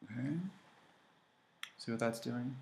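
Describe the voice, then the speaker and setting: In a casual makeup tutorial, a chatty, animated man talks straight to the people watching as he works. His pitch is medium and his pace slow, with a faint hiss or hum in the recording.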